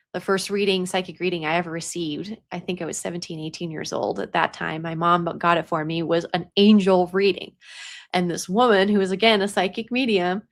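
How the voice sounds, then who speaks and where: A woman's voice: mid-range voice, fairly bright tone. A young adult woman who works as a psychic medium, talking casually about spiritual matters, chatty, laughing often and dropping into a whisper at times. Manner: chatty, laughs often, drops into whispers while telling a story.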